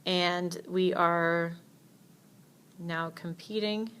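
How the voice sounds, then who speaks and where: A woman's voice: on the low side, fairly even intonation, extremely slow, a bit bright, smooth. A woman teacher giving a casual, chatty history lecture with playful asides.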